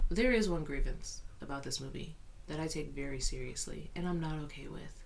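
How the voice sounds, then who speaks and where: Young woman rambling about a movie, kinda low voice, super animated. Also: brisk, vocal fry, a little hiss or hum. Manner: chatty, animated, full of "like" and "you know what I mean". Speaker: film reviewer. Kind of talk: casual vlog review.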